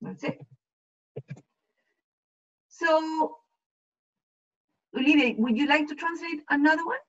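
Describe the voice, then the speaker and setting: Slow, patient woman teaching over a video call. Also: high-pitched. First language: Spanish. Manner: patient, explains slowly and checks understanding often. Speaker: Spanish teacher. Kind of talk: online class instruction. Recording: dull lo-fi video call audio.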